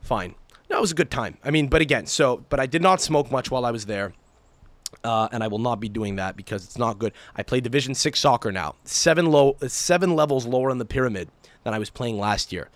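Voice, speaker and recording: A young man hosting his own podcast, telling stories casually in an animated, profane, exaggerated way. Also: medium pitch, brisk, no echo. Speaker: podcast host. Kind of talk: casual solo podcast storytelling.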